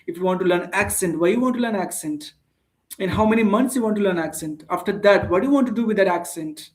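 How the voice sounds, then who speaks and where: A man with an Indian accent gives a casual spoken English lesson in a fairly high voice. He talks earnestly, thinking aloud with fillers and restarts. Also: animated, fast. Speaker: English teacher.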